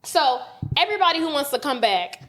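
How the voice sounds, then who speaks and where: A woman, telling a story on a podcast in a casual, animated, profane rant. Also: high-pitched, a little fast. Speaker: podcast co-host.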